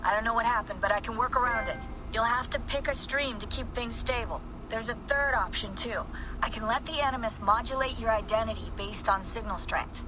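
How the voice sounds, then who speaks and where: A woman playing a calm technical operator. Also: fairly high pitch, a little fast, lightly acted. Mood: focused. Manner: matter-of-fact, technical. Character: calm female tech operator. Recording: game audio with noise behind.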